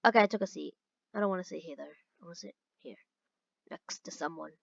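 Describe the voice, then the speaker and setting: A woman playing a game and reading its dialogue aloud, mixing in quick exclamations of her own. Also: fairly low pitch, vocal fry, dry recording. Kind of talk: let's-play commentary. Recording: dull lo-fi recording.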